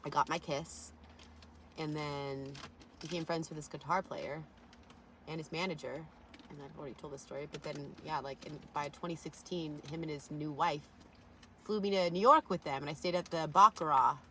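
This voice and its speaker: A woman with a lowish voice tells rambling, profane stories in a casual vlog. She leans into the drama with sudden loud outbursts. A faint background hiss sits under her voice. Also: normal speed. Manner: profane, animated storyteller with sudden loud bursts. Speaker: vlogger.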